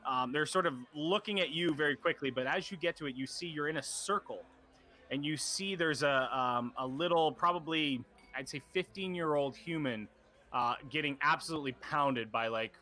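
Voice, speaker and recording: Bright-voiced man running a tabletop game. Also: fairly high pitch, moderate pace. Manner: casual, rambling with many fillers. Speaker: game master.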